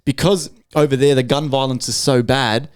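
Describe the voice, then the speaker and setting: A man's voice: mid-range voice, fairly even intonation, moderate pace, clean tone, dry recording, studio quality. A man hosting a podcast, ranting in a casual, swear-heavy way with many restarts. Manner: swearing, rambling rant with restarts. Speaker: podcast host.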